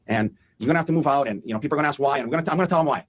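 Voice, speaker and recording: A man, a defense attorney, delivering an animated opening statement to a jury and acting out quotes as he goes. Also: medium pitch, slight background noise, low-quality recording. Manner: fast, animated, acts out quotes.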